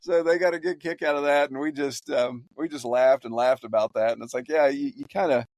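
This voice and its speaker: A man, a farmer guest on a podcast, telling stories in a halting way with many repeated words. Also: medium pitch, a little mellow, dry recording, studio quality. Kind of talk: casual podcast interview.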